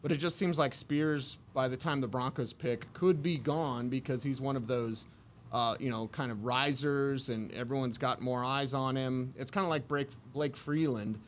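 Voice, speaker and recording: A man's voice: mid-range voice, steady tone, moderate pace, slight background noise. A man hosting a sports radio show, giving confident, upbeat takes on football players.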